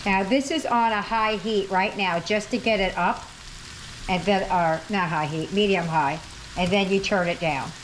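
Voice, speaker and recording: A woman's voice: mid-range voice, normal speed, a little hiss or hum. A woman hosting a home cooking video, chatting casually and correcting herself as she cooks in her kitchen. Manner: chatty, self-correcting, talks while cooking. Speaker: cooking channel host. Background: frying and sizzling.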